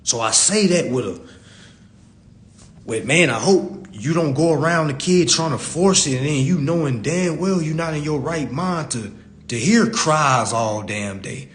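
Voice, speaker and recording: A man's voice: on the high side, lively intonation, a little slow, slight background noise. A man giving a casual live-stream talk into a phone, blunt and preachy, repeating his points and cursing freely.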